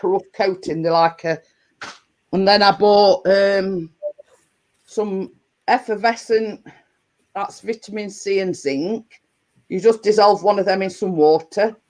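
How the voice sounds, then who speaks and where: This is a woman hosting a casual live chat for her viewers. She talks slowly and rambles, circling back and restarting her sentences with plenty of fillers. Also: mid-range voice, a little mellow, rough recording. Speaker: livestream host.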